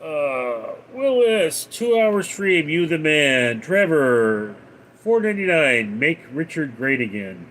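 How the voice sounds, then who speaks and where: A man hosting a casual livestream, reading out viewer messages and replying in a deadpan way. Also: on the high side, slow pace. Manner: reads out viewer names and messages, deadpan replies. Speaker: livestream host reading chat.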